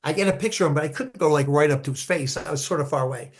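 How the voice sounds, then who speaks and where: A man in his sixties chats as a guest on a podcast. He tells family stories in an easygoing way and laughs often. His voice sits a little high for a man. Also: racing. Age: 60s. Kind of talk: casual podcast chat.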